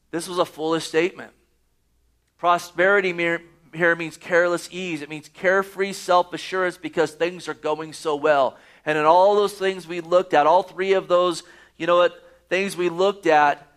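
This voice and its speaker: A man's voice: on the high side, a bit bright. A man preaching a sermon, reading scripture aloud and pressing his points with rising emphasis. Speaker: pastor.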